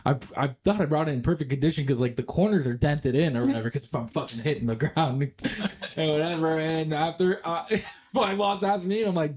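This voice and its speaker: A man's voice: on the high side, fast, a little mellow. A young man, co-hosting a podcast and telling a long workplace story in casual chat. He rambles, laughs often and swears freely. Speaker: podcast co-host.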